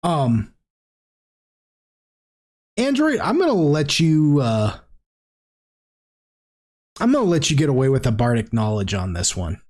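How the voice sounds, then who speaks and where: A man's voice: medium pitch, sing-song, unhurried, pauses often, darkish tone. A man acting as game master, narrating a tabletop game in a casual, rambling way. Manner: casual, rambling with many fillers.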